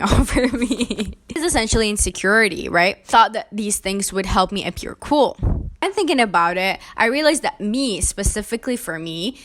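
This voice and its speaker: A woman's voice: medium pitch, a bit bright. A young woman from an Arabic-speaking country, talking frankly in a casual opinion vlog with chatty, self-deprecating asides. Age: young adult. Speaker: vlogger.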